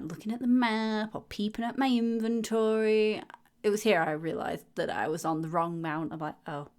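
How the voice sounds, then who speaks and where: Young woman nattering over her game footage, giggly, pops into a squeaky voice for her own thoughts. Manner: chatty and giggly, acting out silly inner dialogue in a higher voice. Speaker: gaming video creator. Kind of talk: casual voiceover commentary. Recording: voiceover recorded at home on a mic.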